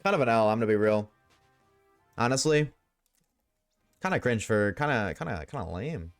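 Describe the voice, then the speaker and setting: A man's voice: lowish voice, expressive, moderate pace, dry recording, faint music behind. A young man streaming a game, chatting casually with his viewers, joking and swearing freely. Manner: profane, joking, talks back to chat. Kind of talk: casual gaming livestream chat.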